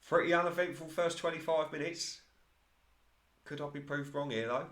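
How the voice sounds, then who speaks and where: A man commentating casually over his own football management game in play-by-play style, getting excited at near misses and laughing at his own slips. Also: on the high side, moderate pace, reverberant.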